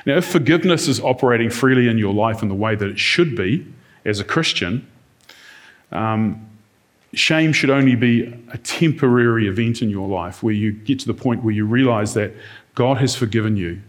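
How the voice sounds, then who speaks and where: A male preacher delivering a sermon in a relaxed, conversational manner. He talks to the congregation directly and slips into short acted-out quotes in shifting tones. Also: on the low side, normal speed. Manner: conversational, acts out quoted lines in varied tones.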